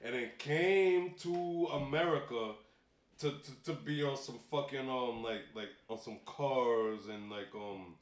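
A man of Barbadian and Jamaican background chatting casually as a comedian and co-host, telling profane, animated stories with lots of restarts. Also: mid-range voice, a little slow, roomy sound. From Barbados and Jamaica heritage. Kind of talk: casual chat.

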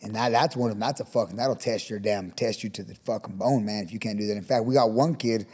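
A man who coaches boxing, talking fast in a casual podcast interview, swearing freely and acting out the shouts he gives his fighters. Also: on the low side, husky, long reverb tail. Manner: profane, fired-up, acts out shouted coaching.

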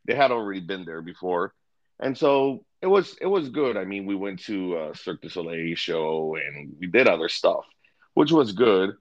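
A man's voice: low voice, sing-song, normal speed, dry recording, dull audio. A man co-hosting a podcast in casual chat, easygoing and hesitant with ums. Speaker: podcast co-host.

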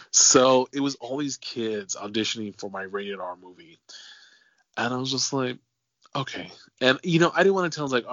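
A man's voice: medium pitch, fairly quick, fairly bright tone, dry recording, lo-fi sound. A man hosting a casual interview, telling long rambling stories full of fillers and casual swearing. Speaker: podcast host.

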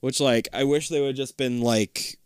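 A podcast co-host recapping a show in a sarcastic, animated way, swearing freely. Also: mid-range voice, normal speed, clean tone, no echo. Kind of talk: casual chat recapping a show.

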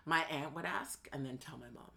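A woman's voice: sits low, normal speed, gravelly, a crowd in the background. A woman guest on a podcast, chatting about her life and acting out the voices of the people she quotes. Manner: chatty, acts out quoted dialogue, many fillers. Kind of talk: casual personal storytelling.

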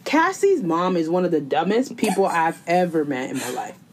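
An animated woman recapping a TV show with a friend, her pitch swooping up and down as she talks. She curses freely and jumps into quick quoted voices of the characters. Casual, unscripted chat. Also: a little hiss or hum. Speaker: co-host recapping a TV series.

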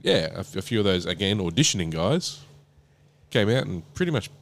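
A man's voice: low-pitched, sing-song, fairly quick, gravelly. A man with an Australian accent, co-hosting a podcast in laid-back casual chat and laughing often. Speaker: podcast co-host. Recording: podcast mic in a small room with a humming air conditioner.

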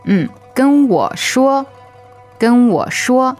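A woman's voice: sits high, big pitch swings, very slow, darkish tone, soft background music. A woman whose first language is Chinese, co-hosting a lesson podcast and giving careful model pronunciation. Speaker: podcast co-host.

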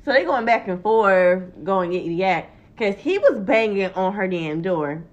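A woman's voice: medium pitch, sing-song, a little slow. A young woman telling a story in casual chat, acting out the quotes and swearing freely. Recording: dull lo-fi recording.

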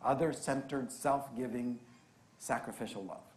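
A man preaching a sermon, telling a story in an animated, conversational way. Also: mid-range voice, moderate pace. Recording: roomy echo.

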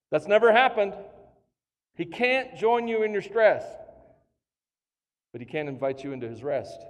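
Energetic pastor preaching in a reverberant hall. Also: male voice, on the high side, normal speed. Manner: playful, building to energetic emphasis. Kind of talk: sermon. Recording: long reverb of a large hall.

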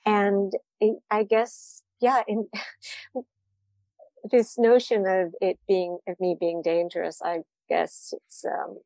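A woman's voice: medium pitch, flat delivery, slow, gravelly, hardly any pauses, a little mellow, no echo. A woman wine writer answering interview questions, candid and reflective, often laughing at herself.

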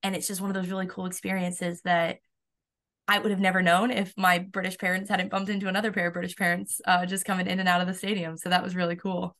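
A young woman in her twenties, a college softball pitcher, talking in a chatty, upbeat way with lots of fillers in a casual podcast interview. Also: little pitch movement, fast. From United States.

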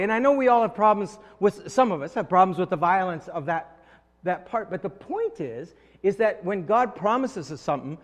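A man preaching a sermon, telling a story and acting out quoted voices, often repeating words as he starts a thought. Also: sits high. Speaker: pastor. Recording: long hall reverb.

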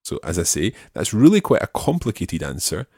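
A man hosting a language lesson, repeating model phrases slowly and explaining them patiently. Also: low-pitched, wildly swooping pitch, gravelly, warm tone, breathy edge, no echo, studio quality. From Scotland. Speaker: language teacher and podcast host.

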